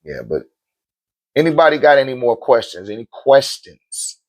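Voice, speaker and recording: A man's voice: mid-range voice, moderate pace. Man, livestream host, casual teaching tone, conversational, rhetorical check-ins, rhythmic chanting of names, mid-range voice. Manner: chants lists of names rhythmically, growing animated. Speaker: livestream host answering viewer questions on spirituality. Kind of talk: casual spoken teaching on a live stream. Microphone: streaming mic.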